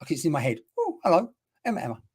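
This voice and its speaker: A woman's voice: deep voice, wildly swooping pitch, very fast, darkish tone, husky. A woman working as a spiritual medium, giving a live-streamed reading in a chatty, repetitive way and greeting viewers by name with endearments.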